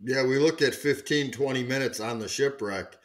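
A man who used to run dive charters, telling a story casually at a round table in an easygoing, drawn-out way. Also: mid-range voice. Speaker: guest diver, former charter captain.

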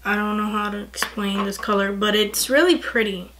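A young woman chatting excitedly through a casual makeup tutorial, gushing over the products. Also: mid-range voice, normal speed, a little hiss or hum. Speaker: beauty vlogger.

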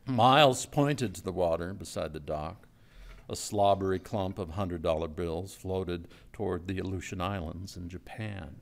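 Gravelly-voiced man reading a story aloud. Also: low-pitched, moderate pace. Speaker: writer reading his own story. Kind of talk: live literary reading. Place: stage before a live audience.

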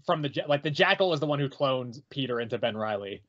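A man's voice: mid-range voice, lively intonation, quick pace, a bit bright. Hedging man in casual comic chat. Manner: hedging, many ums, casual swearing. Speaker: podcast co-host. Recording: muffled crackly mic.

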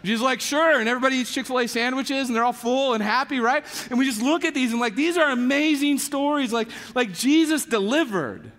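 Fast and with few pauses, a man with a very high voice preaches as pastor in a church sanctuary, his voice filling a large hall. He narrates casually and dramatically, quoting the people in his stories in their voices and saying "like" a lot.

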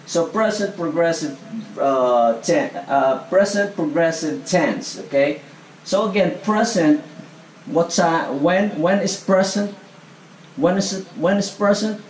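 Male grammar teacher, fairly high voice, slow, keeps checking "okay?", recorded from a distance in a roomy space. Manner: slow, repetitive, ends nearly every phrase with "okay?"; asks the class questions and answers them himself. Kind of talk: classroom grammar lesson. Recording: echoey room, voice from far off, faint background noise.

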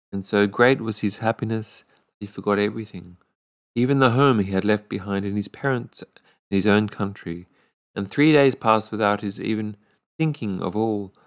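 A man reading a fairy tale aloud at an unhurried pace, often stumbling over words and restarting. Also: lowish voice. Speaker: storyteller.

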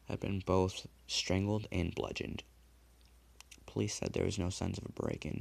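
A man narrating a dark horror story in a measured, hushed delivery. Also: low voice, fairly even intonation, vocal fry. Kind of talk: dramatic horror story reading.

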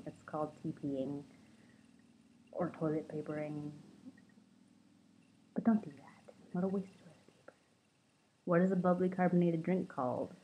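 A woman's voice: fairly low pitch, slight background noise. A woman of twenty-two from Los Angeles, chatting casually to camera as she reads out prompts and adds dry, self-mocking asides. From Los Angeles, California. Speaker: vlogger. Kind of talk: casual accent-tag vlog, reading prompts aloud. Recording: tinny phone-like lo-fi sound.

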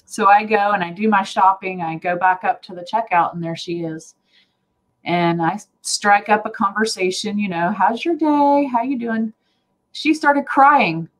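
A woman sharing a personal faith story on a talk show, earnest and animated, laughing often. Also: mid-range voice, normal speed, rough recording. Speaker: guest sharing testimony.

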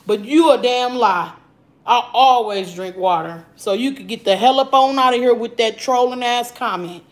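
A woman hosting a live mukbang stream from home, chatting loudly and profanely while answering viewer comments. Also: fairly high pitch, rough recording. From Arizona. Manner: loud, profane, animated, reading and answering chat comments. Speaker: livestream mukbang host. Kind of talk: casual live-stream chat.

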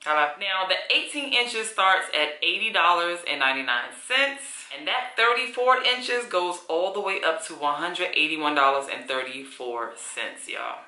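A woman's voice: fairly low pitch, expressive, moderate pace, few pauses, pushed and bright. A woman reviewing a wig in a chatty, effusive vlog, calling viewers honey and y'all. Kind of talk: casual product review vlog. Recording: echoey room.

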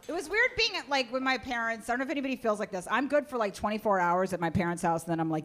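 A woman's voice: fairly high pitch, sing-song, quick pace, few pauses, a crowd in the background. A young woman comedian telling stories on a club stage in a sardonic, exasperated way. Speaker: stand-up comedian. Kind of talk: stand-up comedy set. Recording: live club with audience laughter.

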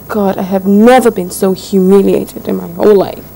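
A woman's voice: medium pitch, steady tone, measured pace, vocal fry, warm tone, a little hiss or hum, rough recording. An actress playing a young rich woman, indignantly complaining about her neglectful fiancé. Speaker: daughter, fiancée. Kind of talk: film drama dialogue.

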